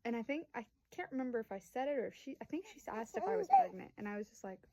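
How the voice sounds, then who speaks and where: Her voice sits high and swings widely in pitch as she talks at a quick pace with a dark tone. The recording is rough, though without room sound. A woman in her early twenties, a vlogger and young mother, she rambles chattily to camera through a family story, full of fillers and quoted voices she acts out.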